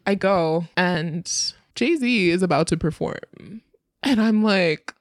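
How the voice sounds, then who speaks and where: Frank young woman with a low voice. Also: slow, no echo, clean studio sound. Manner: casual, frank, heavy use of "like" and swearing. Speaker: interview guest telling her story. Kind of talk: candid personal storytelling.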